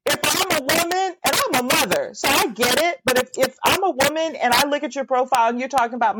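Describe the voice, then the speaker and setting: A woman, a mother, co-hosting a casual chat, animated and opinionated, mimicking people in mocking voices. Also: high voice, quick pace, hardly any pauses. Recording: loud background hiss.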